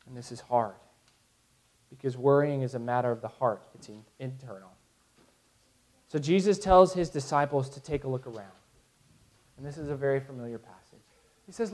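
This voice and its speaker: A man's voice: medium pitch, moderate pace, pauses often. A man in his thirties preaching a sermon to his congregation, earnest, with frequent restarts. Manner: earnest, with restarts and soft laughs. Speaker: pastor.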